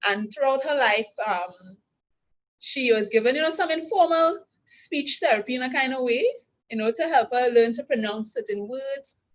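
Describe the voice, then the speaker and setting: A woman with a Trinidadian accent, her voice sitting a little high. She walks listeners through simple hand signs, step by step, with patient, clear instruction. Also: moderate pace, slight background noise, rough recording. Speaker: sign language instructor. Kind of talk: teaching a class. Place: university orientation session.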